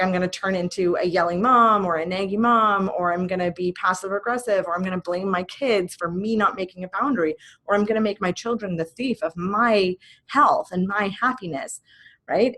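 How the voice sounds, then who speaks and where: A woman in her thirties giving a casual spoken talk, gentle and reflective, with soft laughs slipping into her sentences. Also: fairly low pitch. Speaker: host.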